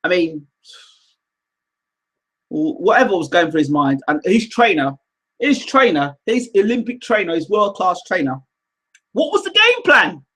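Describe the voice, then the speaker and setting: Male livestream host, very high voice, animated and teasing, chatty. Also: normal speed, long pauses, breathy edge. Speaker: live show host reading viewer comments. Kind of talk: casual livestream chat.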